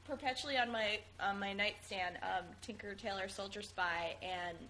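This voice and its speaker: A woman's voice: mid-range voice, normal speed, sharp tone, slight background noise, poor audio. A woman in casual podcast chat, talking in a chatty, self-deprecating way.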